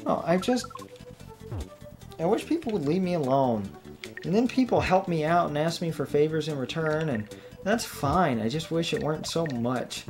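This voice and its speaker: A man's voice: fairly high pitch, lively intonation, moderate pace, music in the background. A married man, a let's play gamer, rambling and venting about his frustrations while playing, rattled and a bit self-deprecating. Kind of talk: venting commentary while gaming.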